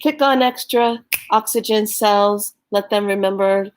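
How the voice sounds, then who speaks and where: A California woman who makes spiritual vlogs gives a casual, earnest talk, urging her listeners on and laughing often as she tells stories. Her voice sits at medium pitch and moves at a measured pace.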